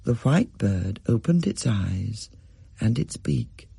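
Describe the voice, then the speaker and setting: Husky man reading a story. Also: fairly low pitch, no room sound. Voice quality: husky, gravelly. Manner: measured, expressive reading. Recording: dry close recording.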